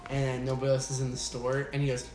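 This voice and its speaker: A man's voice: medium pitch, fast, recorded from a distance, heavy background noise. A young man jokingly telling a story about a coworker during a poker game. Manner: joking, laughing storyteller, loud when excited. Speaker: podcast co-host. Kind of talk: casual group chat over poker. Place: room with friends at a poker table. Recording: echoey room with loud music.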